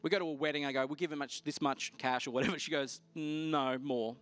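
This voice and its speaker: Animated male pastor telling a testimony. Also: fairly high pitch, rapid-fire, soft background music. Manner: animated storytelling, voice rising sharply when excited. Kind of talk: sermon with personal testimony.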